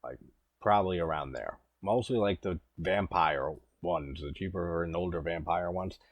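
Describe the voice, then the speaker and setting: Laid-back deep-voiced man. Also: moderate pace, dry recording. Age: 30s. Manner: rambling, laid-back, swears casually. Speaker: host. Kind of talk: casual commentary.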